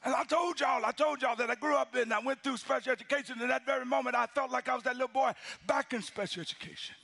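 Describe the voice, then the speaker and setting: A middle-aged male pastor telling a story in a sermon. His delivery is animated and acted out, shifting between loud shouted lines and hushed near-whispers. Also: extremely high pitch, fast, vocal fry.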